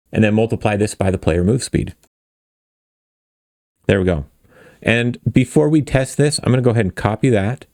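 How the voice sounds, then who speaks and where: A man hosts a casual coding tutorial, talking the listener through each step in a chatty, self-deprecating way. His voice is low with a gravelly fry, mellow in tone, and it sits dry and close. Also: no room sound. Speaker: game dev tutorial host.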